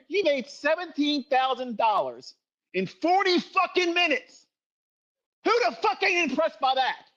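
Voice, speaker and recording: A middle-aged man tears into his listeners in a profane livestream rant, lecturing hard about trading. His voice sits high and leaps all over the place. The stream audio is dull and lo-fi. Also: fairly bright tone. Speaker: trading educator.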